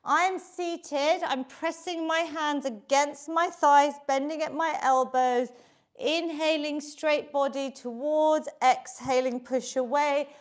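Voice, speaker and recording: A high-pitched woman instructor runs a live online workout class from home. She is upbeat and encouraging, calling out counts and cues as she exercises along with the group. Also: steady tone, slow pace. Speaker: fitness instructor.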